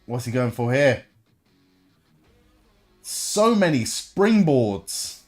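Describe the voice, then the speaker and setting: Excitable man reacting to wrestling. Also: medium pitch, slow pace, long pauses, faint music behind. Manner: excitable, swears freely, laughs often. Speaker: streamer hosting a wrestling watch-along. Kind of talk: live reaction commentary and chat.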